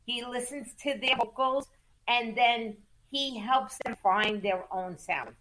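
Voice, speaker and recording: A woman guest in a casual interview, telling music business stories in an animated, emphatic way, repeating words for stress and cursing casually. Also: on the high side, slow pace. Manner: acts out quoted voices in lively storytelling. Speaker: music manager and entertainment attorney, guest.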